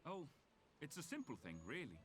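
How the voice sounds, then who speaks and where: An actor with an Icelandic accent playing a calm, courteous male gleaner in a video game. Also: fairly high pitch, normal speed, slight background noise. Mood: explaining. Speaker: game character.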